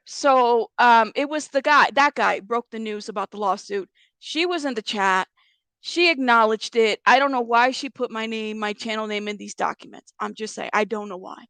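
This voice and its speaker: A woman's voice: fairly high pitch, a bit bright, no room sound. A woman hosting a casual commentary channel, talking bluntly and rambling with frequent restarts and swearing. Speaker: YouTube commentary host.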